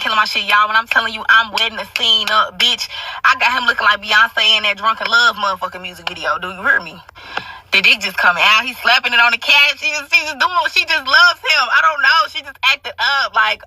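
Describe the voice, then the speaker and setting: A young woman spins a brash, profane storytime monologue, forever throwing asides to her listeners. Her voice is very bright and cutting. She sits a bit back from the mic in a dry, dead room. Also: medium pitch, no room sound, recorded from a distance, low-quality recording.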